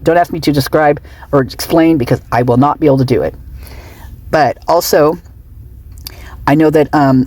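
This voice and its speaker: A woman's voice: low voice, warm tone, slightly rough, dry recording. A woman true crime vlogger talking off the cuff in a chatty, rambling way with giggly asides. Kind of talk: unscripted casual vlog chat.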